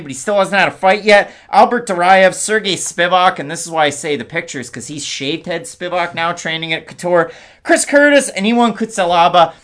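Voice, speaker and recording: A man's voice: sits high, sharp tone. A man hosting a casual MMA preview, rattling off records, odds and scorecards. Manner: stat-heavy, brisk. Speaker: MMA podcast host. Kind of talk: casual fight-preview chat.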